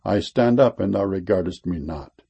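Low, gravelly man reading scripture. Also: warm tone, highs cut off. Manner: measured solemn recitation, raising his voice on exclamations. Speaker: scripture reader. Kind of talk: reading King James scripture verses.

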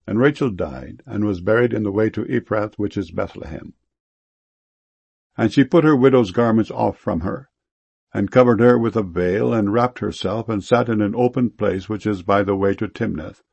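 Man, scripture reading, gravelly husky voice, dry dull lo-fi sound. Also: on the low side, a little mellow, no room sound. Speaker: scripture reader.

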